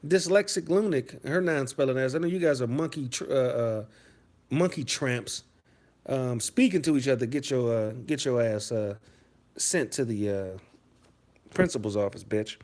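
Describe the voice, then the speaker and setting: A man in his thirties delivering a loud, profane comedic rant, mock-scolding his chat as a streamer. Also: medium pitch, moderate pace.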